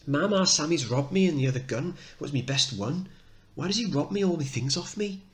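A man voicing a boisterous seven-year-old boy in a high, excitable tone, reading the play aloud. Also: fairly quick, natural voice. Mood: eager.

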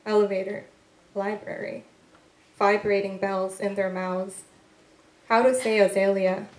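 A woman from Korea reading her poems aloud at a live literary event, slow and deliberate with pauses between lines, with soft, tentative asides between poems. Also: medium pitch, level tone. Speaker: poet reading her work. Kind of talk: poetry reading. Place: event room at a literary venue. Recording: echoey live event room.

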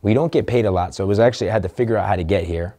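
Earnest man with a dark, mellow voice. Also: fairly low pitch, very fast. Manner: earnest, emotional, swears casually. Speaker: interview guest, entrepreneur. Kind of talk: candid personal storytelling.

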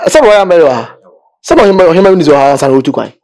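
A man with a Ghanaian accent talks in a casual interview. His voice sits slightly high, and he sounds animated and emphatic. He slips between Twi and English as he pleads his case. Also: very fast. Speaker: gospel music manager interviewee.

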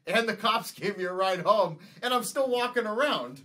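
A man with a fairly high voice tells a story casually. He rambles and keeps acting out what everyone said, one "he's like" after another. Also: animated, normal speed, pushed and bright. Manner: rambling, retells dialogue with lots of "he's like" and "I'm like". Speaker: podcast guest.

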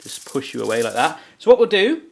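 Jokey man hosting a cooking vlog; rapid patter, faint background hiss. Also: medium pitch, big pitch swings, vocal fry. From southwest England. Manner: chatty and jokey, talks straight to viewers. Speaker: cooking vlogger. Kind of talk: casual vlog chat. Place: kitchen, then outdoors on a windy coastal walk.

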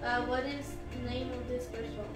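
Giggly high-voiced woman reading comments. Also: little pitch movement, normal speed, recorded from a distance. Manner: giggly, reads comments aloud. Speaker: co-host reading live comments. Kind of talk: casual live-stream chat. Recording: roomy live-stream audio with music.

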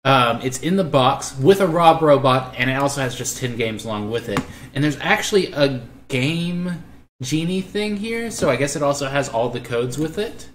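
A man's voice: medium pitch, expressive, moderate pace, a bit bright. Chatty man in an echoey room. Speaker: podcast co-host. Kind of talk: casual chat. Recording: echoey room, faint background noise.

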